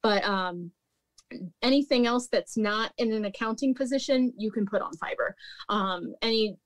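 A woman's voice: a little high, normal speed. A woman, a former restaurant manager, telling stories in a casual, chatty way, full of "like" and laughter. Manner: chatty, peppered with "like", laughs often. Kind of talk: casual storytelling chat.

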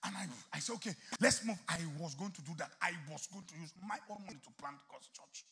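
A male pastor preaching a sermon, moving from hushed storytelling to shouted exhortation, acting out talks with God in whispers. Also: fairly high pitch, fast talker, breathy edge. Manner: acts out dialogue with God in whispers. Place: church.

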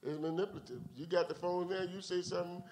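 A male pastor leads a midweek Bible study, preaching in an animated way that moves between loud outbursts and quiet asides. He talks fast.

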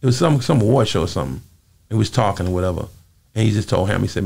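Gravelly, raspy man telling stories. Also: fairly low pitch, very fast. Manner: animated, acts out voices. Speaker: interview guest. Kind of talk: casual storytelling.

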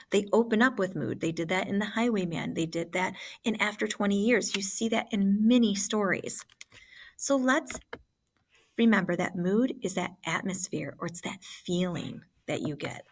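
A woman teaching an online class walks her students through ideas one example at a time. Her voice is middle-pitched, and she speaks directly to them in a plain, guiding manner.

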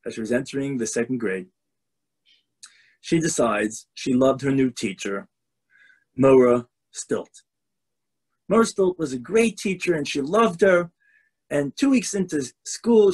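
Rabbi lecturer, animated storyteller, slightly high and husky voice, video call. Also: male voice, unhurried, long pauses.

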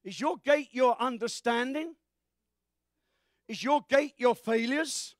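A man preaching a sermon as pastor, fervent and breaking into shouts. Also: very high-pitched, takes it slowly, no echo, clean studio sound.

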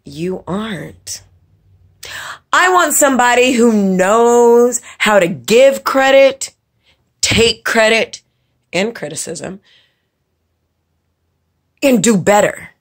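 A woman's voice: on the high side, lively intonation, slow pace, pauses often. A woman ranting to camera as a vlogger, blunt and profane, scolding and repeating words for emphasis. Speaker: vlogger and makeup teacher. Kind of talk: angry casual rant to camera.

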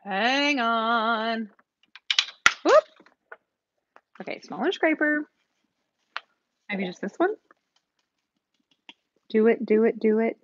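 A woman paints during a live stream, talking casually and a bit nervously to her viewers and answering commenters. She sounds on the high side and animated, but takes her time and pauses often; the dull, dry home-stream audio has background noise.

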